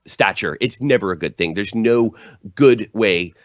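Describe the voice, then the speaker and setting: A man's voice: fairly low pitch, measured pace, dry recording, clean studio sound. A hungover man talking hockey as a guest, rambling and swearing, with many fillers and restarts. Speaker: hockey channel host, guest. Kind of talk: casual chat. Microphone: Skype call.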